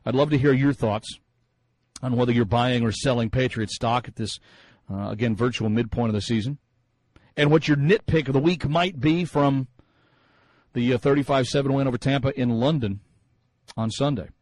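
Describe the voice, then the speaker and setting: A man's voice: medium pitch, normal speed, pauses often, a little mellow, no room sound, rough recording. A man hosting a sports talk radio show, musing in a chatty way with many fillers and restarts.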